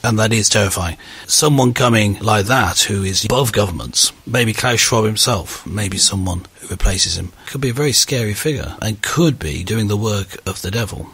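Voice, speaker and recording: Husky low-voiced man hosting a discussion. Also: moderate pace. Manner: earnest and animated. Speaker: podcast host. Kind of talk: conversational discussion.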